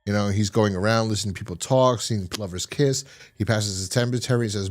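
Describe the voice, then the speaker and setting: A man's voice: on the low side, fast talker. A man hosting a casual review podcast, retelling a plot in a rambling way with lots of restarts. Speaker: podcast host.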